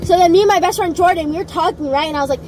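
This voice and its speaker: A young woman telling a drama story in a casual vlog, chatty and animated, outdoors near traffic. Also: very high-pitched, very fast. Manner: chatty, animated, many fillers. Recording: noisy outdoor background.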